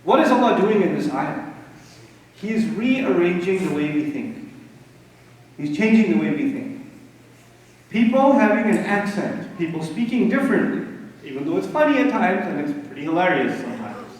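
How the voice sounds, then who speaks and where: A man from Pakistan giving an animated religious lecture, emphatic and full of rhetorical questions and dry humor. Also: high-pitched, slight background noise. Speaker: Islamic lecturer. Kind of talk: lecture to a live audience. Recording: echoey hall recording from far off.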